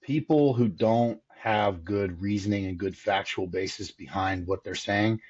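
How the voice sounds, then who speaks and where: A man's voice: on the low side, unhurried, a little mellow, slightly rough, muffled recording. A man who teaches hitting, talking in a casual interview with an emphatic, explaining manner. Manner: emphatic, explains with repeated phrasing. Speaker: hitting instructor, podcast guest.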